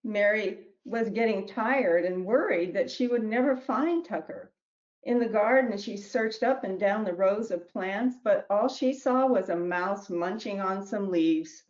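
A woman who wrote a children's book reads it aloud with gentle storybook narration and small slips, then talks about it. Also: mid-range voice, unhurried, lo-fi sound. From New Mexico, US. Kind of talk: reading her picture book aloud.

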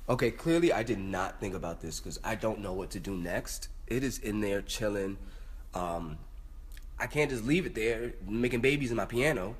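A young man filming himself on his phone at home, panicky and swearing, swinging from hushed whispers to high yelps. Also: animated, normal speed, slightly rough. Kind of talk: selfie video vlog. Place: indoors at home. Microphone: phone camera.

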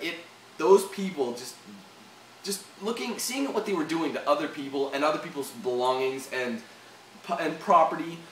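A young Canadian man rants angrily, swearing and tripping over his words. His voice sits fairly high and sounds far from the mic in an echoey room. A faint hiss runs under it. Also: fairly bright tone. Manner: swearing, heated, repetitive restarts. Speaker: vlogger. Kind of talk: angry rant vlog.

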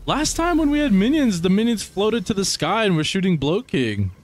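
A young man giving casual gameplay commentary as he plays, excitable, swearing often and talking to his viewers. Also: high-pitched, normal speed, a little hiss or hum. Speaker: gaming streamer.

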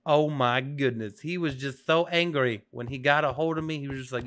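A gaming video host giving excitable play-by-play commentary, chatting to the game's creatures and swinging between whispers and shouts. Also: medium pitch, moderate pace, hardly any pauses, a little hiss or hum. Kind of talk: gameplay commentary.

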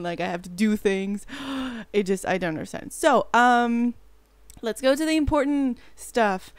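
A woman's voice: on the high side, dry recording. Bubbly, rambling woman gaming host. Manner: bubbly and rambling, gasps and gushes often. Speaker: let's play host. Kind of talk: casual gameplay commentary.

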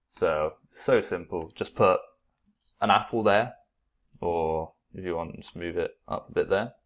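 A man who teaches English online, explaining a classroom game in a relaxed, casual way and repeating his points. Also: fairly low pitch, dull audio. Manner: relaxed, repeats himself, acts out playful classroom exclamations.

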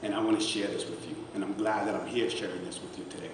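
A middle-aged man with a lowish voice speaks from the heart at a charity event. His talk is conversational and emotional, at times choked up. He is picked up from a distance in a big, reverberant hall with a steady audience murmur. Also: quick pace. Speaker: guest speaker at a charity celebration. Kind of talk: emotional personal testimony speech. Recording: echoey hall, distant mic, background noise.

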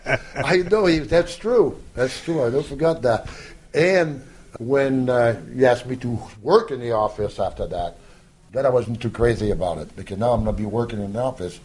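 An older man, a podcast guest, telling lively anecdotes, acting out the voices of people he quotes and laughing often. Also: medium pitch, moderate pace, breathy edge. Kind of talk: anecdotal storytelling.

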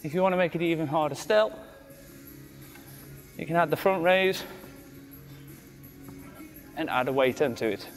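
A man's voice: a little high, normal speed, pauses often. A man leading a cardiac rehab exercise circuit, giving short counted cues while slightly out of breath. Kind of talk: coaching an exercise class. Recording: faint background music.

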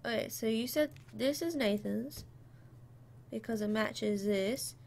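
Young woman, casual gameplay commentary, gravelly, slow, muttering to herself, faint background noise. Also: a little high, a little mellow. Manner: muttering to herself, spelling out letters. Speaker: gamer. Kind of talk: casual let's play commentary.

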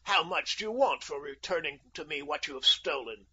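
A man voicing a proud, testy, wounded king who turns shrill when angered, on a dull lo-fi recording. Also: expressive, normal speed, pushed and bright, slightly rough, full character voice. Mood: haughty, testy. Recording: dull lo-fi audio.

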